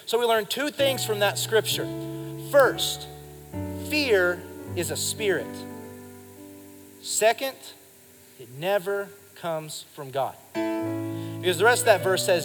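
This thirtysomething pastor has a high-sitting, lively voice, speaking at normal speed with frequent pauses as he emphatically preaches and prompts his congregation to answer back. It's recorded live in a reverberant hall, with music in the background.

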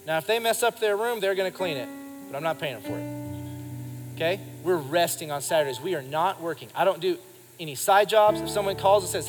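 High-voiced man preaching in a reverberant hall. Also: expressive, fairly quick. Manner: emphatic preaching that calls for congregation response. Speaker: pastor. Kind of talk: sermon. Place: church service before a congregation. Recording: live in a reverberant hall with music behind. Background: music.

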